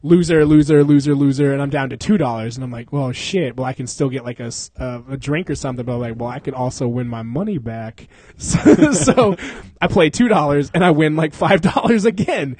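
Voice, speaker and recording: A man's voice: fairly high pitch, fairly quick, darkish tone, husky, dry recording. Laughing, rambling young man telling stories. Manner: rambling, laughing often, swearing. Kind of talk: casual storytelling among friends.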